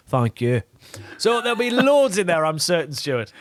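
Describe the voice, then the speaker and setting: A man, an impressionist guest on a radio interview, talking in an animated way and slipping in and out of voices. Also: on the high side, slow pace, no room sound, clean studio sound.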